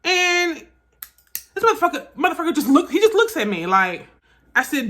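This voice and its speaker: A woman vlogger telling a personal story in a casual storytime style, animated, profane and emphatic. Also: high voice, moderate pace, long pauses.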